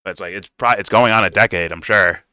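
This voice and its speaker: A man's voice: sits low, fast, pushed and bright, clear, resonant tone, dry recording, clean studio sound. A man doing casual reaction commentary, blunt and profane, rambling and restarting his sentences. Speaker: reaction streamer.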